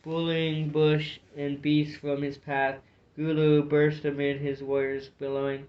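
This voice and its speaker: A man narrates an animal adventure story, his voice fairly high yet held in a flat, even line. Small stumbles and restarts creep into his reading, and the recording sounds muffled and lo-fi. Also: unhurried. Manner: narrating with occasional slips and restarts. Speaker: audiobook reader. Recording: dull lo-fi recording.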